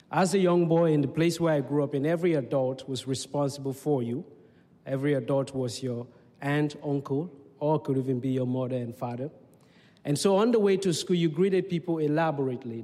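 A man from Leone, telling stories in a talk in measured, unhurried short phrases. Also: mid-range voice, mellow. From Sierra Leone. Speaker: speaker. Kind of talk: storytelling talk. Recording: long hall reverb.

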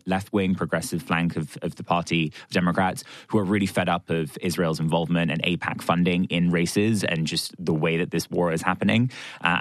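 A man's voice: low-pitched, dry recording. A man speaking as a guest political analyst on a radio panel, in an analytical way, hedging his points. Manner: fast, analytical, hedging with "I think".

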